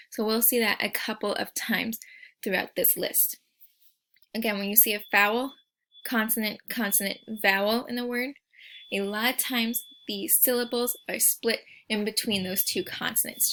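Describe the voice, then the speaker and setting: A woman teacher giving a recorded spelling lesson, speaking patiently and sounding out each word slowly and clearly. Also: fairly high pitch, sharp tone.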